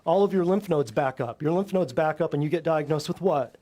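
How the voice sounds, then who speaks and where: Man, high-pitched voice, blunt combative lecture, rhetorical questions, health show host. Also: fairly quick, warm tone. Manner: emphatic, fires rhetorical questions at listeners. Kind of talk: lecture to a live audience.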